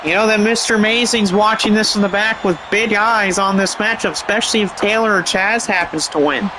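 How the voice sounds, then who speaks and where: High-voiced man calling wrestling play-by-play. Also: fairly quick, background noise. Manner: rambling, chatty asides and laughs. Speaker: game commentator. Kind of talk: excited play-by-play commentary over a wrestling game.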